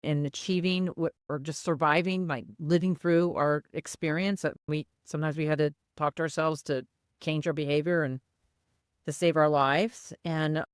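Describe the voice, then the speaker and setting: A woman's voice: low voice, fairly even intonation, normal speed, clean tone, dry recording, clean studio sound. A woman co-hosting a podcast, talking in an earnest, reflective, candid way in casual chat. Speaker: podcast co-host.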